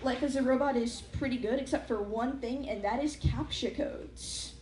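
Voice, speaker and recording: A woman's voice: sits high, moderate pace. A young woman doing a stand-up set before a live audience, with a wry, self-deprecating manner and many fillers. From United States. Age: young adult. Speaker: student stand-up comic. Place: large hall with a live audience. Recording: echoey hall, noisy live mic.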